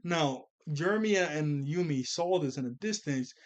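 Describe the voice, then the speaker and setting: A man's voice: a little high, lively intonation, measured pace, dull audio. A man giving a casual, rambling recap of a cartoon episode as a reviewer. He often corrects himself and laughs as he talks.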